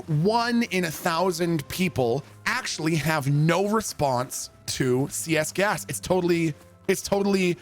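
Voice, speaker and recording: Young male streamer, high-pitched and animated, salty storyteller. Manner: animated, swears freely, acts out quotes. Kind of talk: casual storytelling while gaming.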